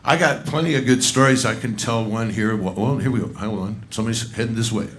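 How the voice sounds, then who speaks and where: A man's voice: lowish voice, fast, fairly bright tone. A man, a bandleader emceeing a live tribute on a small pub stage, loose and coaxing with the crowd.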